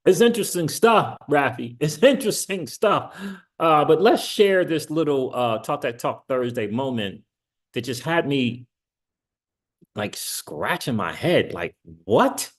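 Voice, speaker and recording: Male channel host, casual and rambling, animated with frequent laughs and sudden excited rises in pitch. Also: unhurried. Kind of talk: casual livestream commentary.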